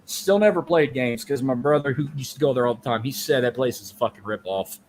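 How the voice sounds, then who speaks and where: A podcast co-host with a mid-range voice talks a little fast over slight background noise. He tells a long story in casual, profane, rambling conversation.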